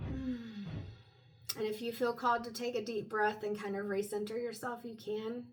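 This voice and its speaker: A woman at home giving a private tarot reading, talking in a gentle, meandering, explanatory way. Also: medium pitch, fairly even intonation, normal speed, slight background noise, poor audio. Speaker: tarot reader.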